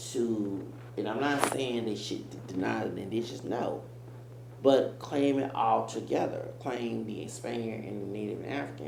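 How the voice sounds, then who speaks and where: A man's voice: mid-range voice, gravelly, dark tone. A man giving rambling, emphatic reaction commentary as host of his own channel. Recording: echoey room with faint hum.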